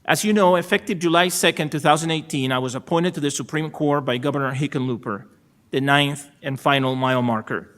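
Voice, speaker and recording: A middle-aged Salvadoran man, newly named to a state supreme court, delivers a formal ceremonial acceptance in a Salvadoran Spanish accent. The voice is fairly high and fairly bright, and he is measured and gracious, leavened by dry self-deprecating humor.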